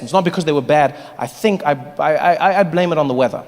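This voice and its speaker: High-voiced man doing stand-up in a hall. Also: quick pace, slight background noise. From Africa. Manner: animated storytelling with acted-out voices. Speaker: stand-up comedian. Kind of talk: stand-up comedy routine. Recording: live hall with audience. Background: audience laughter.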